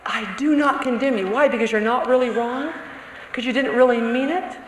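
A woman preaching a sermon to other women, animated and storytelling, sometimes acting out an accusing inner voice. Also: a little high, moderate pace. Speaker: women's conference speaker. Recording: echoey hall with faint room noise.

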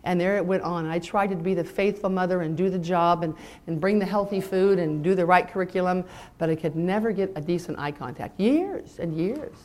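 A middle-aged woman from California, giving an emotional Christian testimony to an audience as a mother, moving between bright emphasis and hushed intensity. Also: lowish voice, a little fast. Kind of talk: sermon-style personal testimony.

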